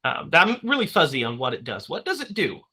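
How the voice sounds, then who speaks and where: A man hosting a casual movie-review podcast, talking in rambling runs full of fillers and restarts, quick to laugh. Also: fairly high pitch, wildly swooping pitch, bright, forceful tone, breathy edge. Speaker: podcast host.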